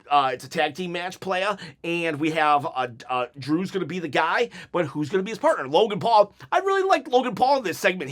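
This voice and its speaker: A man with a somewhat high-pitched voice talks through a wrestling show in a casual solo review. He rambles and restarts his sentences, chuckling at his own jokes. He slips into quick imitations of the wrestlers' lines. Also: a bit bright. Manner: recaps wrestlers' lines in quick mimicked quotes.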